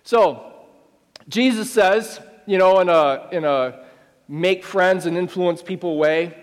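Brief: male pastor with a high voice, emphatic and conversational sermon delivery, long hall reverb. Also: slow pace. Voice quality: emphatic and conversational, with wry asides.

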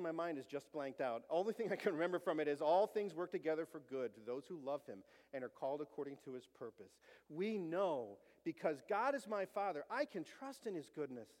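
Middle-aged male pastor, high voice, earnest storyteller, sermon in a reverberant sanctuary. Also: a little mellow. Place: church sanctuary. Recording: long church reverb.

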